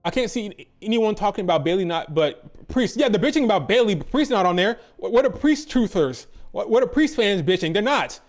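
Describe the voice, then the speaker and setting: A man's voice: high voice, lively intonation, brisk, hardly any pauses, faint music behind. A man hosting a wrestling commentary channel, ranting in an exasperated, profane, repetitive way.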